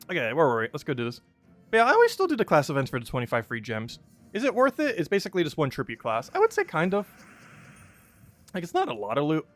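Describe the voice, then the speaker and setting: Young male streamer, casual chatty commentary, laughs a lot, lively pitch, faint game music under. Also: fast. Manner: chatty, laughs often, many fillers.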